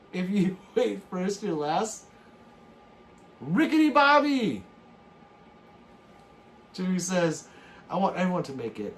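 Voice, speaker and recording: On a late-night livestream with a little hiss or hum, a man with a fairly high voice reads out chat messages. He jokes back in a casual, animated way, punctuated by bursts of laughter and shouting.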